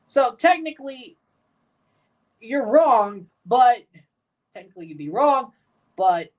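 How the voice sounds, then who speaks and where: A man's voice: extremely high pitch, sing-song, takes it slowly, recorded from a distance. Rambling Southern American man, mic set back. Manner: rambling, folksy, emphatic asides. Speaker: livestream watchalong host. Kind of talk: casual live match reaction.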